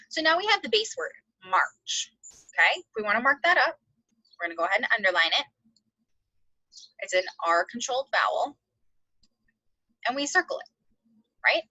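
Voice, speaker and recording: A woman teacher giving a phonics lesson to second graders, slowly sounding out words and spelling letters aloud. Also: on the high side, very animated, bright, forceful tone, no echo, low-quality recording.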